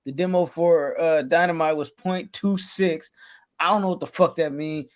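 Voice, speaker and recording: A man co-hosting a podcast, speaking in a fairly high voice for a man. His chat is casual, profane and laid-back. He keeps tagging his sentences with "you feel me". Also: fairly even intonation, moderate pace. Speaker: podcast co-host. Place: podcast studio.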